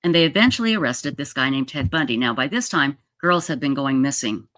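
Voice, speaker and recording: Extremely low in pitch but fairly bright, this Utah livestream host in her sixties speaks animatedly and fairly quickly. She tells a long personal story in a chatty, rambling manner with lots of restarts, and her streaming setup mic picks up no echo.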